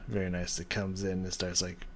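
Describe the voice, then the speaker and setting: A man's voice: low-pitched, completely flat delivery, normal speed, fairly bright tone, slight background noise. A man hosting a music reaction video, breaking down a song casually, with hesitant restarts and rhythms hummed aloud.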